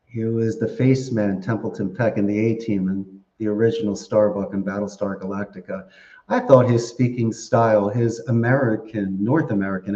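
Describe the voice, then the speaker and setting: A man's voice: lowish voice, dark tone. A man talking casually as a podcast guest, chatty and playful with words, laughing often. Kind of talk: casual interview talk. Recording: dull, roomy sound.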